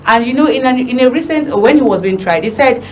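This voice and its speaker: A woman's voice: high voice, quick pace, slight background noise, low-quality recording. Laughing woman news co-host. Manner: laughs often, animated and expressive. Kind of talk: casual news chat.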